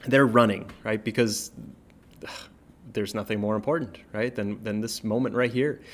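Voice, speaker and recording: A man, a pastor, retelling a Bible story in a casual, conversational way, often checking in with "right?" and pausing on fillers. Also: fairly low pitch.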